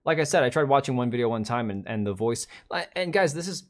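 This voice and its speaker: A man in his thirties hosting a casual livestream from a home setup with a desk mic. He rambles and opinionates bluntly, restarting sentences and answering the chat, at an ordinary mid pitch. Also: expressive, fast talker. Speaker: livestream host.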